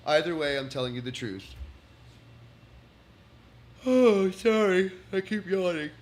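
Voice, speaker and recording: On a livestream, a Texan comedian works through his notes in a casual, rambling monologue, frequently restarting. His voice is medium in pitch and fairly bright, and a faint hum runs behind it.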